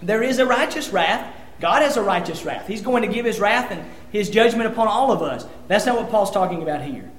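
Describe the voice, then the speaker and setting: A man's voice: high voice, expressive, fairly quick. A man preaching a sermon, earnest and conversational, often restarting his sentences as he reads scripture. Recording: echoey room.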